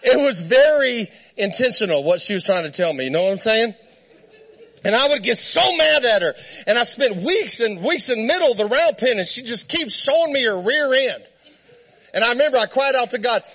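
A man preaching a storytelling sermon, lively and conversational, laughing often and checking in with his listeners. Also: very high voice, brisk.

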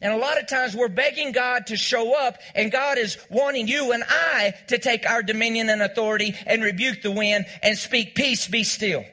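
A man's voice: very high voice, fairly even intonation, normal speed, hardly any pauses, sharp tone. A male pastor preaching a sermon, repeating key lines and calling on the congregation to say them back. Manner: call-and-response preaching, repeats lines, has congregation echo. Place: church.

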